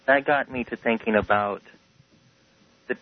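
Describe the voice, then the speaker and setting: Male talk-radio caller, earnest and measured, muffled audio. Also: medium pitch.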